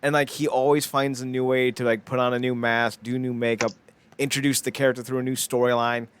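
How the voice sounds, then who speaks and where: A man's voice: medium pitch, little pitch movement, a little fast, clean tone. A man co-hosting a casual podcast chat, rambling and blunt, swearing freely and leaning on "like.". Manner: rambling, blunt and profane, with frequent "like" fillers. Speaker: podcast co-host.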